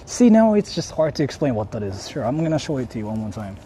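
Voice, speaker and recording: A man's voice: medium pitch, sing-song, fairly quick, mellow, a little hiss or hum. A young man vlogging outdoors, talking casually with lots of swearing, laughing and repeating himself. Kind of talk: casual IRL vlog. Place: outdoors in a city.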